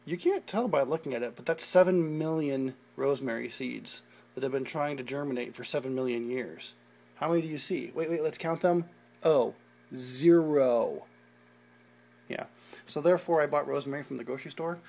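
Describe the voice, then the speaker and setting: Gravelly man rambling on a phone tour. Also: medium pitch, a little mellow. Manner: rambling, self-deprecating, many fillers and restarts. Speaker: home gardener giving a tour. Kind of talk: casual unscripted garden tour. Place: indoor garage garden. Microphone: phone camera held while walking.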